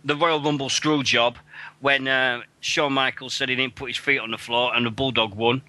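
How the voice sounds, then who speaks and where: A man from Sheffield with a Sheffield accent, hosting a casual radio chat, excitable and swearing freely. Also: mid-range voice, normal speed, no echo. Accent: Sheffield English. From Sheffield, England. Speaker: radio show host. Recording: internet radio show.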